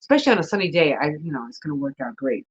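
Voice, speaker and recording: A sleepy woman chats casually about her gardening, rambling as she thinks aloud and stopping to yawn. Her voice sits fairly low for a woman. The recording sounds dull and lo-fi. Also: very animated, racing, slight background noise. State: sleepy, yawning. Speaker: gardening vlogger.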